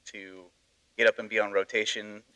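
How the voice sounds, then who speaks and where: A man hosting a podcast, asking halting questions padded with fillers. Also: on the low side, level tone, sharp tone, low-quality recording. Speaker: podcast host. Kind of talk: interview questions.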